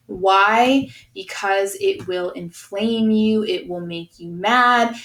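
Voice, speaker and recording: Woman teacher, explanatory lesson voice, mid pitch, echoey room. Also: slow pace, hardly any pauses. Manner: explanatory, checking in with students. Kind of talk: recorded class lesson.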